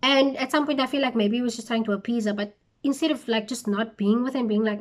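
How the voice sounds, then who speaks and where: A woman's voice: a little high, quick pace. A young woman retelling a Bible story for her channel, with chatty, incredulous asides.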